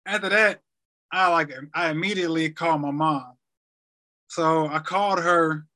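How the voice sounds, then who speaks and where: A man of thirty, a podcast guest, retelling a hard medical ordeal in a halting way, often repeating words. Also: fairly high pitch, steady tone, sharp tone. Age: 30s. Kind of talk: emotional personal story.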